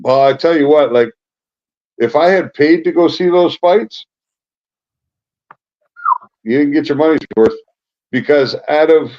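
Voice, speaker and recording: A man's voice: on the high side, a little slow, pauses often. A middle-aged man co-hosting a casual chat, talking at length and telling anecdotes from his apartment. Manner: chatty, tells long anecdotes. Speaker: co-host. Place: apartment at home. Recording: slightly muffled lo-fi sound.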